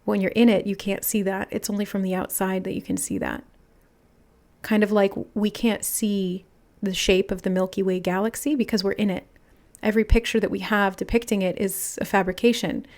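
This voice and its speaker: A woman giving an intuitive tarot reading, musing aloud in a soft, channeling manner as she relays messages. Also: medium pitch, steady tone, normal speed. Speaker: tarot reader.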